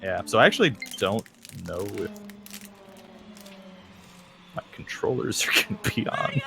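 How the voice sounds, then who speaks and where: Highly animated man on a stream. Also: unhurried, vocal fry, very noisy. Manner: animated, laughing, swearing. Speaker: stream co-host. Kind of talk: casual chat.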